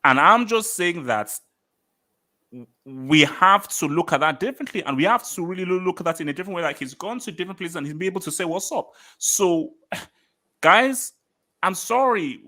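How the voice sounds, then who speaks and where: A man's voice: high-pitched, expressive, a little fast, pushed and bright. Emphatic, argumentative British man. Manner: emphatic, argumentative, repeats points for effect. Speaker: host of a football show reading live chat. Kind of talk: animated live-stream football talk.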